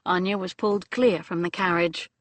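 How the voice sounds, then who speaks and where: A woman reading an audiobook novel in measured, dramatic storytelling narration on a close studio mic. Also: lowish voice, steady tone, no room sound.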